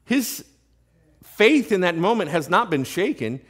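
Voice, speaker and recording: Brief: animated male preacher, somewhat high voice that swings widely. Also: measured pace. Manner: animated, rising to emphatic questions. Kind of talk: sermon. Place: church.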